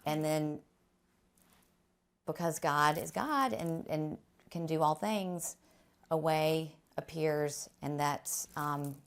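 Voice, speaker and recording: A woman guest speaking earnestly about her faith on a talk show, halting, with many restarts. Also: deep voice. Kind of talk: faith testimony interview.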